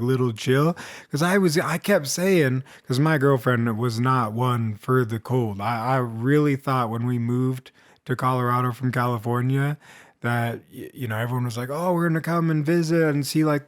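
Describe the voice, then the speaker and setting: A young man tells a story in a loose, rambling way, drifting off into asides and jokes at his own expense. His voice sits at an ordinary middle pitch and sounds like an informal vlog. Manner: meandering and self-deprecating, with frequent asides. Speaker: storytime vlogger.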